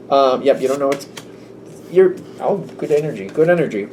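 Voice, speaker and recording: Guy doing a tarot reading, rambly and chatty, acting out little back-and-forths, average pitch, faint hiss behind. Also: animated, brisk, darkish tone. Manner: rambling, thinks aloud, acts out little quoted exchanges. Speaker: tarot reader.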